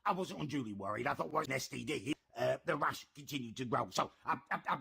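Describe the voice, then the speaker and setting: A man's voice: medium pitch, lively intonation, fast, vocal fry, bright, forceful tone, husky. A young man ranting in a comic vlog monologue, stumbling over repeated words. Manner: ranting, stammering repetitions. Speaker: comedy video creator.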